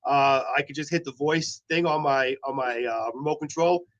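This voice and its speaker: A man's voice: on the high side, fairly even intonation, normal speed, a bit bright. A man hosting radio mornings, telling long rambling stories in casual chat with many restarts. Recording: dull lo-fi audio.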